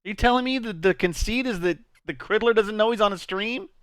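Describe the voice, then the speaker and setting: Smooth-voiced joking male streamer. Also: high voice, brisk, a bit bright, no echo, studio quality. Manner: laughs often, rambling and playful. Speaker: streamer host. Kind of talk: casual stream banter.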